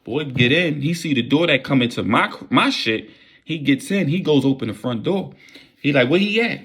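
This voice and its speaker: Young man, storytime vlog, casual street slang, animated, mid-pitched. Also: normal speed. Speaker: vlogger telling a story.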